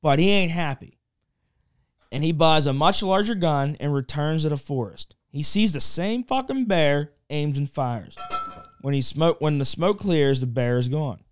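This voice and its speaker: A man's voice: a little high, a little slow, clear, resonant tone, dry recording. Crude joking man reading jokes aloud. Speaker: podcast co-host. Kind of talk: casual podcast chat, reading jokes aloud.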